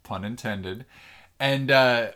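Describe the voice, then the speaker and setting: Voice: mid-range voice, slow pace, bright, forceful tone. A podcast co-host chatting casually, often stopping and restarting. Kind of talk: casual chat.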